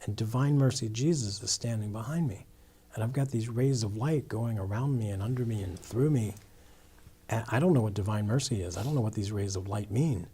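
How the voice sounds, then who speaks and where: Man, guest in a testimony interview, husky and breathy tone, earnest storytelling. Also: on the low side, brisk, dark tone. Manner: earnest, with frequent restarts and "you know". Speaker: guest telling his conversion story.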